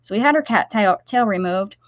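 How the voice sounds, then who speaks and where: Talking a little fast in an animated, mid-range voice, a middle-aged woman chats casually on a craft live-stream. She rambles and greets viewers by name, and the stream audio is dull and lo-fi.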